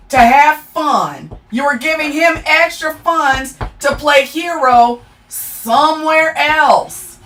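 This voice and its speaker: A woman's voice: high voice, fairly bright tone. A woman hosting a live stream, talking bluntly and profanely in a casual rant, answering her chat.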